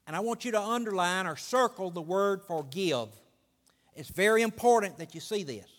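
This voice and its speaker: A man preaching a sermon, building excitement and stretching out key phrases. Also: sits high, normal speed. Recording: long hall reverb.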